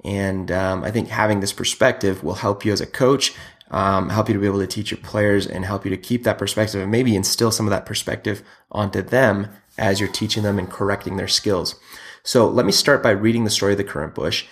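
A man's voice: on the low side, steady tone, fairly quick, husky. A man who is a father and youth hockey coach, telling a story in an earnest, conversational way.

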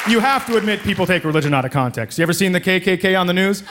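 High, lively man doing stand-up. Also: racing. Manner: sarcastic, acts out voices. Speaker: stand-up comedian. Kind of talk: stand-up set. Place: comedy club stage. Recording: live club with loud crowd laughter. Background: audience laughter.

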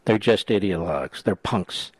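A man hosting a talk radio show, taking calls and delivering forceful, combative opinions. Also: low voice, lively intonation, moderate pace, husky, dry recording.

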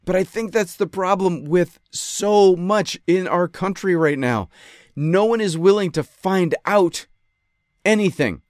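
A man from western New York telling a story in a casual monologue, animated and ranting, often cutting himself off mid-sentence. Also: sits high, unhurried, dry recording, studio quality. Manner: animated, ranting, self-interrupting. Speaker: podcast host.

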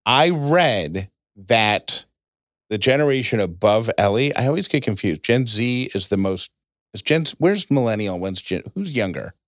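A man hosting a casual chat show, telling stories with a voice that jumps high for emphasis. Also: sing-song, unhurried, no echo, clean studio sound. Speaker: podcast host.

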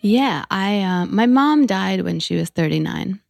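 A woman in her late thirties, a podcast guest talking candidly and with profanity, telling animated personal stories. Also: medium pitch, a little slow, creaky, no room sound, studio quality. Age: 30s. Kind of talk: casual podcast conversation.

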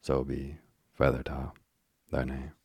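A man's voice: very deep voice, monotone, takes it slowly, creaky, darkish tone, slightly rough, no echo, studio quality, heavily acted. A man voicing a doting old witch woman in an audiobook, speaking in fond, archaic phrasing. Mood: proud.

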